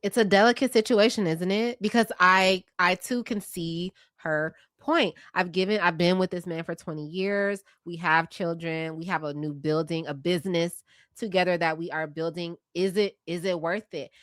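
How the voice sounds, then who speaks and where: A middle-aged woman talks as a guest in a casual chat, measured and reflective in her delivery. Her voice sits a little low for a woman. The recording is dry and close. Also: steady tone, no room sound. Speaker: podcast guest.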